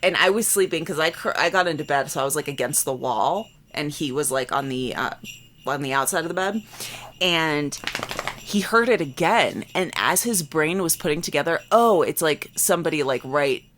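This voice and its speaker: Woman in her late 20s, low voice, chatty ghost story full of "like"s, bit of faint hiss behind. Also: normal speed. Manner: animated, acts out quotes, many "like" fillers. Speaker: podcast co-host. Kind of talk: casual storytelling.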